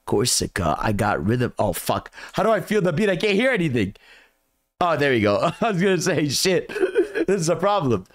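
A man's voice: fairly high pitch, big pitch swings, moderate pace. A man streaming a game, chatting loosely with his viewers, calling them "bro" and joking around. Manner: loose and joking, calls chat "bro", improvises silly songs. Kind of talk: casual livestream chat. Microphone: desk mic.

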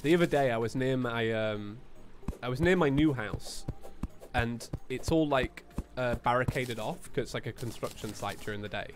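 A man's voice: mid-range voice, normal speed, soft background music. Laughing British man chatting on stream. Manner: laughs often, acts out others in quoted asides. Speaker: gaming streamer host. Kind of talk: casual chat on a live stream.

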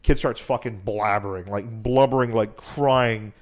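A man's voice: lowish voice, measured pace. A young man co-hosting a podcast, retelling a game's story in a rambling, profane, casual way. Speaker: podcast co-host. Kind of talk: casual chat.

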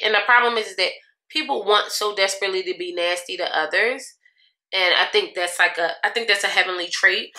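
A woman's voice: mid-range voice, pushed and bright. A young woman, chatting sassily to her viewers while getting ready, laughing often. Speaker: beauty vlogger. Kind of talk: casual get-ready-with-me chat. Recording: echoey room.

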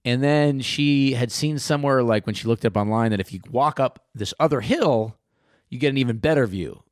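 A man, a comedian hosting his podcast, telling a story with lots of swearing and high-pitched quoted voices. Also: normal speed, no room sound, studio quality. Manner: profane, animated, acts out quotes in high voices. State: sweating. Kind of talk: comic storytelling monologue.

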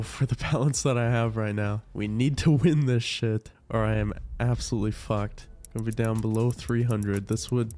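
A congested man giving casual, swearing play-by-play commentary as he opens cases, frustrated and excitable. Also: on the low side. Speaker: gambling video host.

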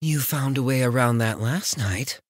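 A man putting on a breathy, teasing young woman. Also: medium pitch, unhurried, no echo, clean studio sound, voice pushed up, natural voice. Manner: teasing, sing-song.

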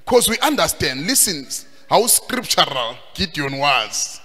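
A man preaching a sermon, emphatic and sing-song, rising at times to shouts. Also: on the high side, sing-song, unhurried, soft background music. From Zimbabwe. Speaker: pastor. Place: church hall. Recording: long hall reverb.

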